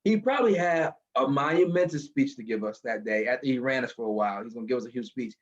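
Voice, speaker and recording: A man telling a motivational story from his car, animated and building to a lesson, over a video call. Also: mid-range voice, fast talker, highs cut off. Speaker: guest speaker.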